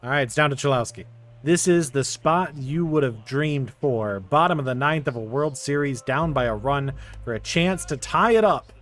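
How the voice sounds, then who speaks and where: A young man narrating his baseball video game play by play, quickly getting frustrated at the game. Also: medium pitch, a bit bright. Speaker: gaming YouTuber. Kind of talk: casual video game commentary.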